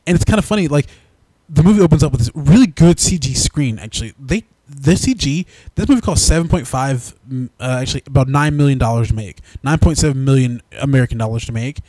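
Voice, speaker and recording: Guy ranting about a movie with his buddy, animated, middle pitch, dry sound. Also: fast, few pauses, no echo. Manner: animated, mocks dialogue in exaggerated put-on voices. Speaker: movie reviewer, co-host. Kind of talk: casual review chat.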